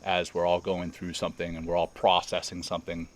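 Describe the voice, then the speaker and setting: A man's voice: deep voice, completely flat delivery, a little fast. A man co-hosting a podcast, sharing a personal experience in earnest, emotional conversation. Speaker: podcast co-host. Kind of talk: reflective casual conversation. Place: retreat center in Costa Rica.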